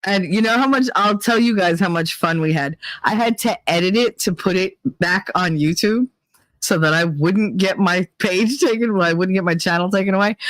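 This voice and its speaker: A woman's voice: lowish voice, no echo. A woman hosting a livestream in casual chat, blunt and rambling, swearing freely. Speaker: livestream host.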